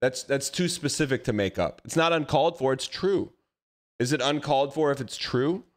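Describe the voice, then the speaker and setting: A man live-streaming a video game, chatting casually and teasing his chat with quick comebacks. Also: mid-range voice, lively intonation. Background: game music.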